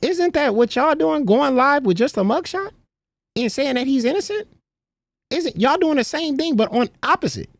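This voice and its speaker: Woman, blunt scoffing retorts, profane, swooping pitch. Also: expressive, moderate pace, vocal fry, no echo. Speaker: livestream co-host. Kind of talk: reaction livestream banter.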